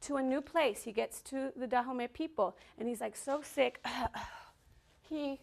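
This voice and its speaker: Leading a kids' dance lesson in a classroom, this high-voiced female teacher keeps a measured pace, her voice carrying some vocal fry. She's energetic, urging the children on and counting the beat aloud.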